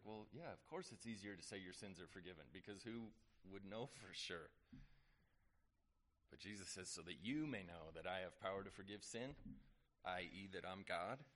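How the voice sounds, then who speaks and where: Male pastor, lower voice, casual sermon delivery with emphatic swells. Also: fairly bright tone.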